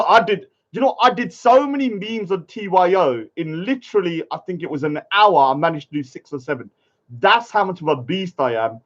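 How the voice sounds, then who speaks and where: A man's voice: on the high side, highs cut off. A man giving casual, mocking commentary over memes and laughing at his own jokes. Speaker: video commentator.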